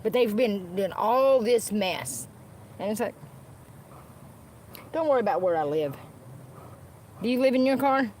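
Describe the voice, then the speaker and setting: A woman's voice: mid-range voice, lively intonation, unhurried, pauses often, a little mellow. A woman livestreaming from inside her car, ranting angrily and with lots of swearing at the people she is talking about. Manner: angry, profane ranting with repeated phrases. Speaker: livestreamer chatting with viewers. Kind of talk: unscripted livestream rant. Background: faint background noise, dogs nearby.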